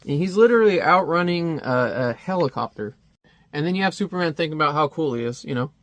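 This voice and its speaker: A man's voice: fairly high pitch, animated, fast, a bit bright, dry recording. A man casually reviewing a comic, chatty and wry, with many fillers.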